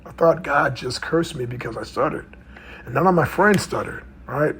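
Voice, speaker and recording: A man's voice: fairly high pitch, expressive, moderate pace, a bit bright, husky. A middle-aged man, a mental health coach, telling a personal story in a loose conversational way with frequent tag questions. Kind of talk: storytelling talk.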